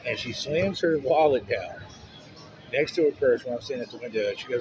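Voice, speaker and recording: A man's voice: medium pitch, lively intonation, fairly quick, crowd noise. A man telling a personal story in a casual, frank way, swearing freely. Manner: frank, profanity-laced. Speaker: vlogger. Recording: muffled, noisy street sound.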